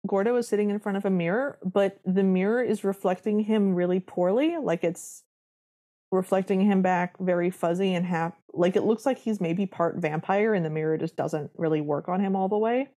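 A woman's voice: mid-range voice, moderate pace, dark tone. Woman with dry sardonic commentary. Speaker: podcast co-host. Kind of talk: casual movie recap chat.

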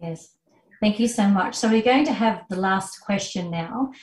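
A woman's voice: medium pitch, a little slow. Distant, echoey woman host. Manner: polite, thankful moderator reading questions. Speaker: conference host. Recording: roomy sound from off mic.

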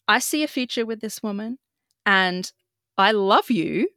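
A woman's voice: mid-range voice, lively intonation, a little slow, sharp tone, no room sound. Guest: young woman, candid storyteller, mid-range voice, dry close mic. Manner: emotional, frank, swears casually. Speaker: podcast guest.

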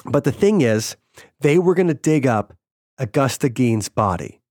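A man's voice: mid-range voice, animated, a little slow, a little mellow, no room sound, studio quality. A man hosting a podcast, casually retelling a story and paraphrasing people's quotes in a loose, chatty way. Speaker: podcast host.

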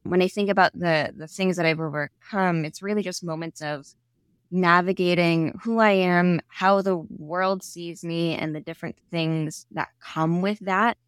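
Low-voiced, reflective nonbinary guest. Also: female voice, steady tone, smooth, no echo, studio quality. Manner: thoughtful, frequent "like" fillers, unhurried. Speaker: podcast guest. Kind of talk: reflective interview conversation.

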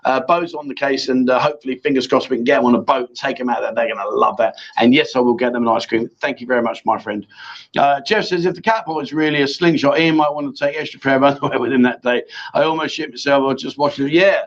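A man's voice: mid-range voice, fairly even intonation, fast talker. A man hosting a casual live-stream chat show, chatty and bantering with his co-host. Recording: dull lo-fi stream audio.

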